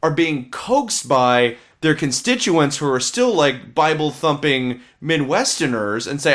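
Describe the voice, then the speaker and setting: A man's voice: on the high side, very animated, normal speed, few pauses. A man co-hosting a casual podcast, rambling and opinionated as he reviews films, swearing freely. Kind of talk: casual chat.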